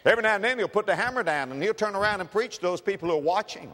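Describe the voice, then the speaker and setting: A man preaching a dramatic evangelistic sermon, swinging from shouts to hushed tones. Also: high-pitched, expressive, racing, few pauses, big-room sound.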